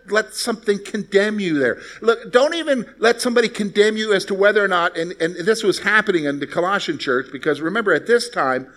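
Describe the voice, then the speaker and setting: Stories and rhetorical questions for the congregation fill this male pastor's conversational sermon. He has a high-pitched, fairly bright voice.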